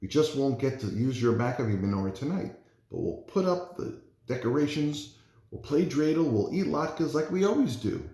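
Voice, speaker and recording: A man playing a gentle father, reassuring, storybook, lively pitch, roomy sound. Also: normal speed, lightly acted. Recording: roomy echo.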